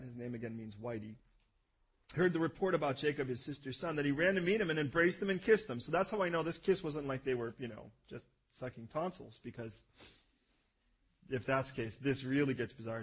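A man preaching a conversational sermon, animated and joking, asking listeners to repeat words after him. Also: mid-range voice, breathy edge. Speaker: pastor. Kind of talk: sermon teaching.

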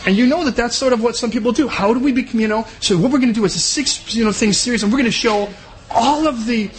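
A man with a notably high voice, preaching a sermon. He talks conversationally, throws in jokes, and briefly slips into other people's voices to make his points. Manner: conversational and joking, acts out quick voices. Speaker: pastor.

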